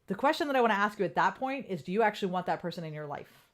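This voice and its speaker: A woman coach talking casually and candidly on a live stream, animated and swearing freely. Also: medium pitch, very fast.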